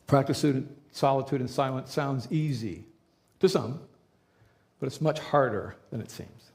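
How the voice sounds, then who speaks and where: A man preaching a sermon as a pastor, talking in a relaxed conversational way and repeating key phrases for emphasis. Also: mid-range voice, a little slow.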